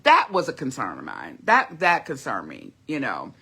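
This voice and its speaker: A middle-aged woman chats loosely with her viewers in a livestream, rambling and calling them y'all. Her voice is bright and forward. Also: extremely low pitch, wildly swooping pitch, moderate pace, creaky, breathy edge. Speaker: vlogger. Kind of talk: casual livestream chat.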